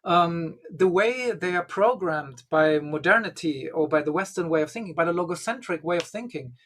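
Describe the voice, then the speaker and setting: A man's voice: a little high, animated, normal speed, fairly bright tone. Rambling man telling a story. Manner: rambling, leans heavily on 'you know' and 'um'. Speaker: podcast guest, Gnostic bishop. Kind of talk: conversational storytelling.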